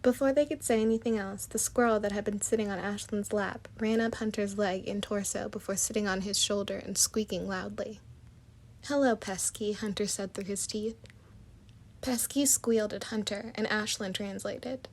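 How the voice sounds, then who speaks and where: A woman narrating a storybook chapter in a soft, even manner. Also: medium pitch, moderate pace.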